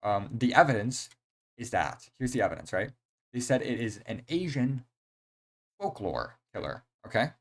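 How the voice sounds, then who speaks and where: A young man streaming a horror game, chatting casually in an excitable, rambling way full of slang and fillers. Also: medium pitch, moderate pace. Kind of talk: casual live-stream chat.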